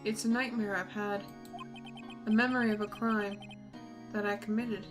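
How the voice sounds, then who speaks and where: A woman's voice: medium pitch, flat delivery, moderate pace, music in the background, voice pushed down, close to an everyday voice. A woman reading game dialogue aloud, voicing a troubled young male prosecutor who recounts a nightmare in a grave, hesitant way.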